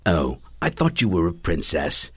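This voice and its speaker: Young dragon, read by a man, earnest, kinda husky, lots of ups and downs, dry sound. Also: low-pitched, wildly swooping pitch, unhurried, a bit bright, dry recording, pitched below the performer's own voice, exaggerated voice. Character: young polite dragon seeking princess. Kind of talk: audiobook character voice.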